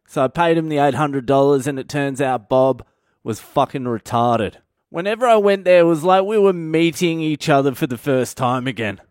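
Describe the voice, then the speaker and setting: A man's voice: medium pitch, moderate pace, no echo, studio quality. Profane Australian man telling a story. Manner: profane, blunt, deadpan. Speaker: stand-up comedian. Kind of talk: comic storytelling monologue.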